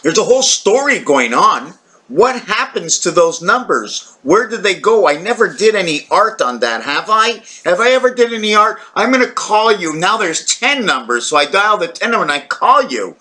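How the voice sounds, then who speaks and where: A man with a bright, fairly high voice rambles to camera in a casual monologue. He sounds tired, wanders off the subject, questions himself aloud and throws in playful animal noises. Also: very animated, moderate pace. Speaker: video maker.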